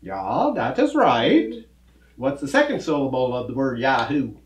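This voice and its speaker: A folksy cowboy telling corny jokes. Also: male voice, medium pitch, big pitch swings, unhurried, reverberant. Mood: friendly. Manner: folksy drawl, corny jokes, patient explaining. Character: folksy, good-natured cowboy teacher man. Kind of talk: children's comedy skit.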